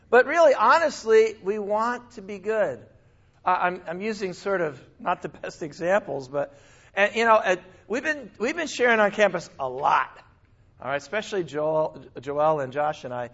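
A male pastor preaching a sermon in a conversational, animated way, with asides and small laughs. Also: sits high, normal speed, highs cut off.

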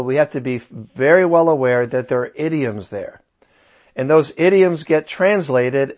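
A man teaching a Bible interpretation class, tired and talking slowly, asking his listeners rhetorical questions. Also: a little high. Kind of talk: lecture.

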